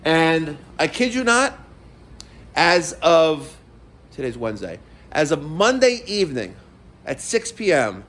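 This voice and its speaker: A middle-aged man rants to his camera, his voice swinging high and low as he gets worked up. He talks fast and loose, swearing freely, and sounds exasperated. His voice sits a little above most men's. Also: big pitch swings, fairly bright tone. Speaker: vlogger. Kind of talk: casual rant to camera.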